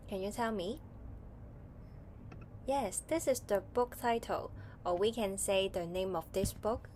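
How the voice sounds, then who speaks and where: A woman's voice: medium pitch, darkish tone, slight background noise. A woman with a Hong Kong English accent teaching a children's online English reading lesson, patient and asking questions. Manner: patient, asks questions and waits.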